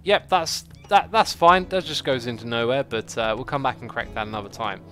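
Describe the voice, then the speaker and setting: A man's voice: medium pitch, sharp tone. Chatty man streaming a game. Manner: chatty, talks to the game and to chat, quick exclamations. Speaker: streamer playing a city-building game. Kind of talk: casual livestream commentary. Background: faint background music.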